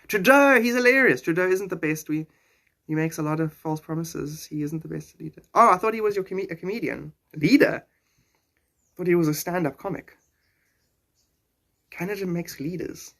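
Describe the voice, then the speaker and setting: A man in his forties with a South African accent chats on a live stream. His voice sits a little high, and he keeps a loose, playful tone as he answers viewers' comments and jokes with them. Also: normal speed, vocal fry, pauses often. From born in Zimbabwe, raised in South Africa. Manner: chatty, joking and playful. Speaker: livestreamer.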